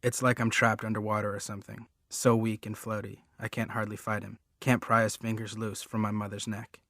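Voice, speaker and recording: Man narrating a first-person novel, earnest, low and level. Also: little pitch movement, a little fast, fairly bright tone, no room sound, clean studio sound. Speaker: audiobook reader.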